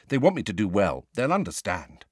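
A man voicing a clever, bossy teenage girl who talks briskly and lectures with exasperation. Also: on the low side, huge pitch swings, slightly rough, no room sound, clean studio sound, full character voice.

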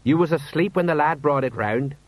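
A man's voice: a little high, fairly quick, no echo, voice pushed up, close to an everyday voice. Male reader doing a raised, rambling city-watch sergeant, homely, dull recording. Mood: cheerful. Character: slow-witted, worried middle-aged male sergeant. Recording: dull, slightly lo-fi.

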